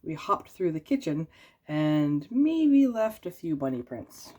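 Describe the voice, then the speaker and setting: A woman with a low voice reads a children's picture book aloud. She tells the story in a soft, gentle way. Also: very animated, slow. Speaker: storybook reader.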